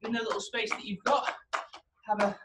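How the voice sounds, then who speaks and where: Counting out reps at a fairly quick pace, a man with a high voice leads a home hockey training session. He's breathless from the exercise but upbeat and encouraging, with steady noise in the background.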